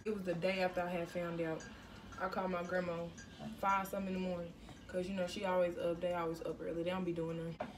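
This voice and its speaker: A teenage woman telling her own story in a casual storytime vlog, animated and slangy, with bursts of exclamation. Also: lowish voice, quick pace, far from the mic, over music. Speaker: vlogger.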